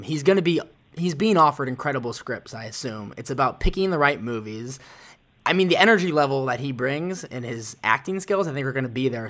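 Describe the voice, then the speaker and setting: A man's voice: mid-range voice, a bit bright. A man co-hosting a podcast, giving earnest opinions in casual chat. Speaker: podcast co-host.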